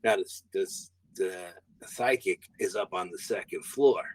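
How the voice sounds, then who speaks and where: Low husky-voiced man telling a story. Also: measured pace, darkish tone, dry recording, rough recording. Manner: rambling, repeats words, swears casually. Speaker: guest paranormal investigator. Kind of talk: casual storytelling.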